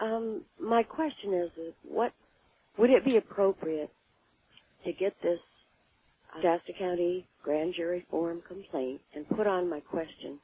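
A woman calling in to a radio show with a hoarse morning voice, asking a hesitant, rambling question. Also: fairly low pitch, measured pace. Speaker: caller. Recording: thin, dry phone line.

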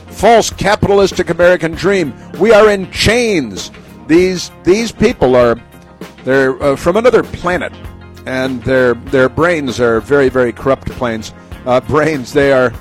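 A talk radio host with a medium-pitched voice delivers an opinionated monologue. He's sarcastic and rambles, constantly using fillers and starting over.

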